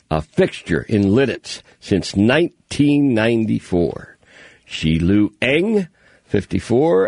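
A man hosting a call-in radio show in a studio, chatting and telling stories in an animated, offhand way. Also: medium pitch, no echo. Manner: chatty, animated storytelling with asides. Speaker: radio talk show host. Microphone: studio microphone.

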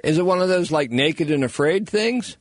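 A man's voice: fairly high pitch, expressive, moderate pace, no room sound, studio quality. A man hosting a call-in radio show, chatting casually and rambling with lots of fillers. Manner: easygoing, rambling with many fillers.

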